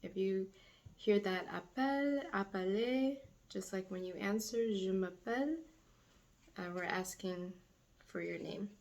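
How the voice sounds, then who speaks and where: Woman teacher going real slow, saying every phrase over a few times for beginners. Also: mid-range voice, a little mellow. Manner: slow, repeats phrases for learners. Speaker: French teacher. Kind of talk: beginner language lesson.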